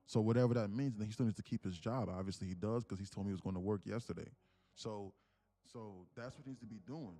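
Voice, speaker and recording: A man's voice: lowish voice, fast, dark tone, no room sound. A man mentoring viewers on a live trading stream, talking in loose slang and calling the chart as it moves. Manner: loose slangy talk, sings and laughs between chart calls. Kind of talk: casual livestream commentary.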